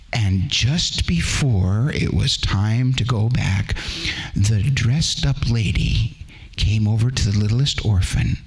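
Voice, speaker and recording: A man's voice: mid-range voice, breathy edge. A man telling a Christmas story at a church program, reading expressively and shifting voices.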